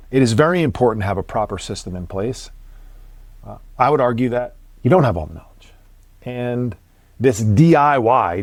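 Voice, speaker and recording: A man's voice: medium pitch, darkish tone, dry recording. A man hosting a motivational podcast, talking bluntly and emphatically, with casual swearing. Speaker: podcast host.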